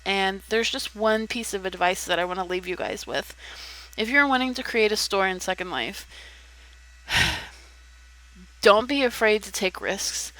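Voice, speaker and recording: Young woman vlogger, mid-pitched voice, casual and candid, umming often, cursing here and there. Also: fairly bright tone, low-quality recording. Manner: chatty, frank, with frequent ums and some swearing. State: hiccuping. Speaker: video creator. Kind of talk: casual chat.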